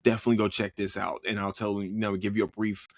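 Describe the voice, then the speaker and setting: Young male podcast host, low-pitched, swears freely, rambles with restarts, close dry mic. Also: level tone, fast, no echo. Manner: rambling, profane, lots of restarts and fillers. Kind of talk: casual solo review chat.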